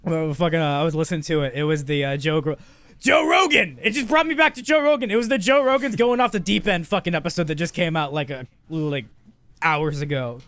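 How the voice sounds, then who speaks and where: A man hosting a podcast in casual chat, high on weed, rambling and ranting with lots of swearing. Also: fast talker, fairly bright tone, clean tone, no echo. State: stoned. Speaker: podcast host.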